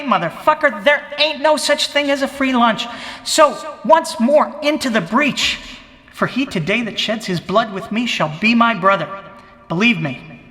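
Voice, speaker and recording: A man's voice: very high voice, sharp tone, long reverb tail, full character voice. A man playing a pompous, blustering male president who declaims a grand inaugural speech in a comic impression.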